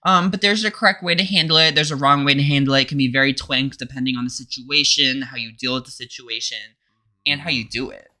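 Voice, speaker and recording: A young man co-hosting a comedy podcast, telling stories in a camp, animated way with acted quotes. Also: medium pitch, quick pace. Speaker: podcast co-host. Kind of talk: casual comedic chat.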